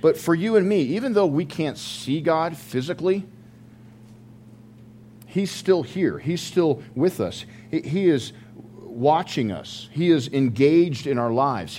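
A man's voice: a little high, lively intonation, a little slow, mellow, a little hiss or hum. A man preaching a sermon as pastor, in a conversational way with joking asides, at a church service.

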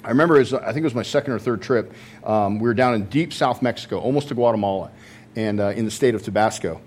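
Man preaching with a halting storytelling manner. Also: on the low side, a little hiss or hum. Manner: conversational storytelling with frequent fillers and restarts. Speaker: pastor. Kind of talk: sermon.

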